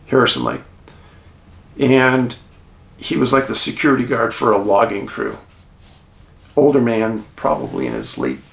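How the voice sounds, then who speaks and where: A man telling a behind-the-scenes story about a documentary shoot, animated and chuckling, with dramatic pauses. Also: medium pitch, gravelly. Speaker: documentary filmmaker recounting a shoot. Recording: roomy echo.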